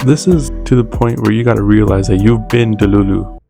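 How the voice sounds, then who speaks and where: A man's voice: on the low side, steady tone, a little fast, creaky. A young man giving casual, slangy reaction commentary, blunt and swearing freely. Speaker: video reactor host. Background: music.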